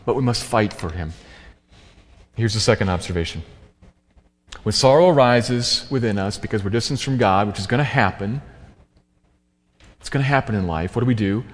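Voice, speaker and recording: A man preaching a sermon in an earnest, emphatic way, slowing down to stress key phrases. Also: mid-range voice. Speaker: pastor. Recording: long hall reverb.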